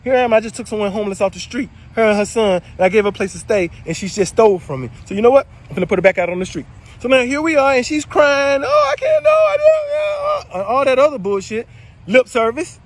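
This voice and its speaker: A man casually telling viewers a story, animated and swearing freely, swinging between loud and low. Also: fast. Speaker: spiritual video creator.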